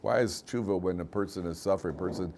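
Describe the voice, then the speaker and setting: Lively rabbi giving a joking lecture. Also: male voice, low voice, quick pace, gravelly, slight background noise. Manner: animated storyteller, repeats phrases, many restarts. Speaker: rabbi teaching a class. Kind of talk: casual lecture with jokes.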